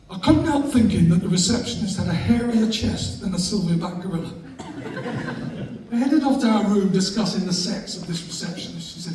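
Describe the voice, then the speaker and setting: A man's voice: high voice, darkish tone. A man giving a humorous speech to a live audience, telling jokey anecdotes about his wife and laughing along as he goes. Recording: echoey room from far off, faint noise.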